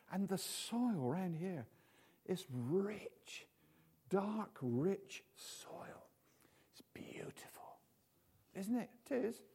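A man delivers an informal sermon, chatting and joking with his listeners. He leans on tag questions and asides. His voice sits fairly high for a man. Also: dark tone. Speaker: preacher.

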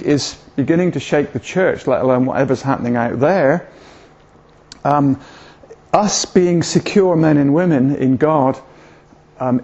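A man's voice: mid-range voice, darkish tone. An older man, giving an informal sermon in a rambling, hesitant way with self-deprecating humour. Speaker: preacher. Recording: dull lo-fi recording.

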